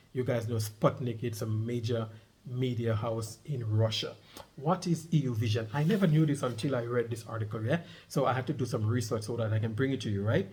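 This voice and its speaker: A man's voice: mid-range voice, darkish tone. Man, middle-aged, emphatic, repeats himself, casual commentary on a news article. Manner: emphatic, repeats key points, asks listeners to underline words. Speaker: vlogger.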